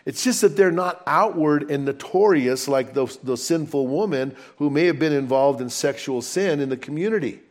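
A man preaching a sermon in a conversational, storytelling way with animated asides. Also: on the high side. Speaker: pastor.

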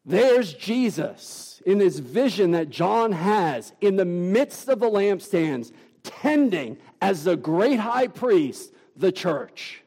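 A man preaching a sermon as pastor, emphatic and deliberate, with dramatic pauses. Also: sits high, very animated, dark tone, husky, big-room sound.

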